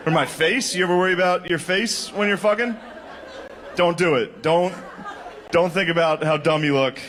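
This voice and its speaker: A man doing a stand-up set, crude and rambling, laughing through his stories. His voice sits a touch high. The recording is noisy with room ambience. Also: moderate pace, a crowd in the background. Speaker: stand-up comedian.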